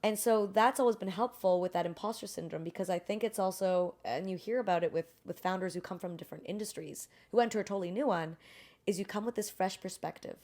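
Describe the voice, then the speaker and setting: A woman's voice: medium pitch, quick pace. A woman, a business founder, talking candidly in a casual interview and acting out quoted conversations in different voices. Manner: animated, acts out quoted dialogue in shifting voices; candid and self-deprecating. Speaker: guest, beverage brand founder.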